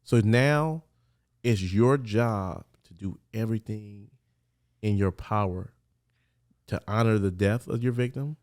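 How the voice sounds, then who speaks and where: Casting: man, low-ish voice, candid and earnest storyteller, casual street talk, podcast guest. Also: slow, long pauses, darkish tone. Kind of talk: personal storytelling interview.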